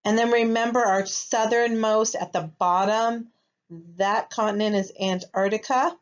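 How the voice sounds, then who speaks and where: Slow, patient woman teaching first graders. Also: fairly high pitch, fairly even intonation. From United States. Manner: patient, slow, checks in with "okay?". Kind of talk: recorded classroom lesson. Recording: slightly dull lo-fi recording.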